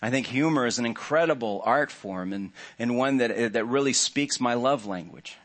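A man's voice: medium pitch, moderate pace. A man preaching to a church congregation in a conversational way, with joking asides to the listeners. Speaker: pastor. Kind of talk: sermon. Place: church sanctuary.

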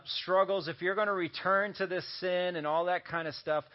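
A man preaching a sermon as a pastor, talking conversationally and slipping in joking asides. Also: on the high side. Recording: dull lo-fi audio recording.

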